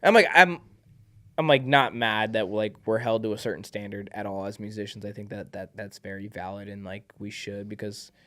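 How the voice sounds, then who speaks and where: A man's voice: lowish voice, moderate pace, bright, forceful tone. A man who is a musician, a guest on a podcast, talking in a laid-back, slangy way full of "like" and "bro". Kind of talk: casual podcast chat.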